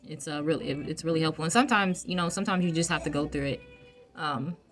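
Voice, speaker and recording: A woman talking casually to her viewers, soft-spoken and reflective, with many fillers and restarts. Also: low-pitched, quick pace, soft background music. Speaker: vlogger giving emotional wellness advice. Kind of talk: casual reflective talk to camera.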